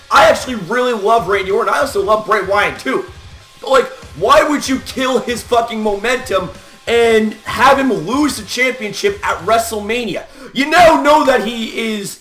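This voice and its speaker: Hyped, profane young man with a bright voice. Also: sits high. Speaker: wrestling reaction vlogger. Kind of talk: casual excited reaction rant. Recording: echoey room, faint music behind.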